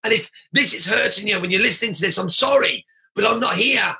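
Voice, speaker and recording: A man's voice: high voice, fairly quick, gravelly, bright, forceful tone. A middle-aged man coaching martial arts school owners in a blunt, emphatic podcast monologue, often raising his voice and repeating himself.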